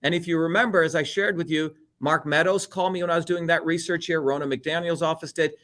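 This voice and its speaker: A man's voice: a little high, fairly even intonation, quick pace, fairly bright tone. A middle-aged man from India, talking bluntly and animatedly as an interview guest, swearing freely and mimicking other people. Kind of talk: heated political talk.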